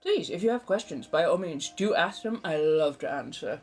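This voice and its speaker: Woman, forties, put-on old-timey american accent, low voice, theatrical chatterbox, soft music underneath. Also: animated, normal speed, slightly rough. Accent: put-on old-fashioned American accent. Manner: theatrical, flowery and affectionate; talkative chatterbox. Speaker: livestream host. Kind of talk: chatty livestream with viewers.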